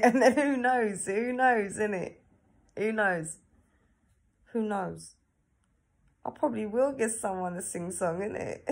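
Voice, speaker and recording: A woman talking casually to herself on camera, chatty and laughing often, tagging her sentences with questions. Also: medium pitch. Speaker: vlogger. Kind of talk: casual self-talk to camera.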